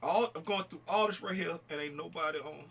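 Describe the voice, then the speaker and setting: A man hosting a trading livestream in casual chat, joking around and shouting out viewers in chat by name. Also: fairly high pitch, brisk, creaky, husky.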